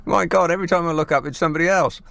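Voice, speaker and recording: A man's voice: fairly high pitch, racing, gravelly, a bit bright, no echo. A man hosting a late-night phone-in radio show, talking in a sardonic, mocking way.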